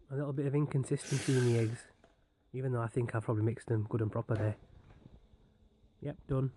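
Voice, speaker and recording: A man's voice: medium pitch, darkish tone, a little hiss or hum. A young man narrating his home cooking with a jokey, self-mocking running commentary, recorded on a handheld camera in a kitchen. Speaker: home cook vlogger.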